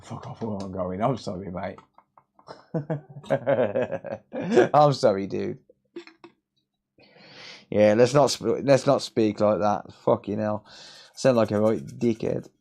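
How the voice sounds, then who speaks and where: A man's voice: lowish voice, slow pace, vocal fry, pauses often, a little mellow, husky. A British man hosting a live repair stream, rambling in casual chat, swearing and laughing a lot.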